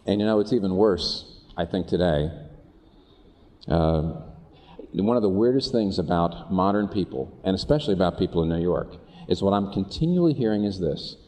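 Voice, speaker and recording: A man's voice: deep voice, moderate pace. Man preaching in a reverberant hall. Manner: earnest, animated preaching with rhetorical questions. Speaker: pastor. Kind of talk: sermon.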